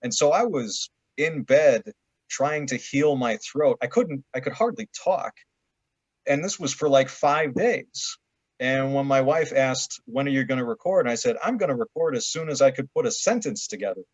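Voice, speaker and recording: A man's voice: medium pitch, expressive, normal speed, no echo. Easygoing man telling a story on a dry call. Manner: easygoing storyteller, some stammered restarts. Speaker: audiobook narrator, guest. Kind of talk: casual interview chat. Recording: dry, dull lo-fi call audio.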